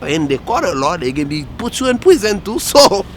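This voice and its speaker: Very high, lively man in a comedy skit. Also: brisk. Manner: excitable, ends lines with "man". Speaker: comedy sketch creator. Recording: noisy background.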